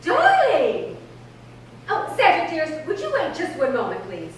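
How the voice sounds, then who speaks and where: A woman's voice: very high-pitched, huge pitch swings, a little slow, a little hiss or hum, full character voice. A woman playing a glamorous, vain stage actress in a live community theater show, effusive and laughing through her lines. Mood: gushing. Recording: echoey stage from a far camera.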